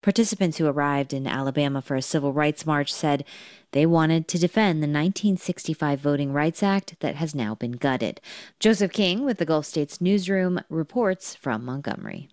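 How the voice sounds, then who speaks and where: A woman's voice: low-pitched, expressive, moderate pace, a little mellow, dry recording, clean studio sound. A female radio news host asking questions and introducing reports in a composed, formal way.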